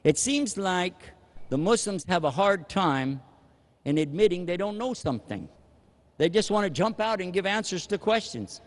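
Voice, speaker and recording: A man delivers a sermon with an animated, humorous manner and often slips into acted-out exchanges. His voice sits fairly high for a man. Long reverb from a hall hangs on every phrase. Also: normal speed. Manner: animated, humorous, acts out dialogue. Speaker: preacher.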